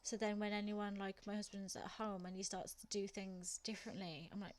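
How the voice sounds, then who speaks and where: A woman's voice: mid-range voice, flat delivery, fairly quick. A young woman from England with a Black Country accent, chatting casually with viewers while streaming a game and laughing often. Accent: Black Country (West Midlands English). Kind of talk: casual chat while gaming.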